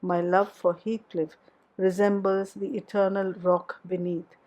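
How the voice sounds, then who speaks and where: A woman's voice: mid-range voice, little pitch movement, measured pace, a little mellow, lightly acted, rough recording. A woman voicing a passionate, headstrong young woman in love, in an audiobook reading of a classic novel. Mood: earnest.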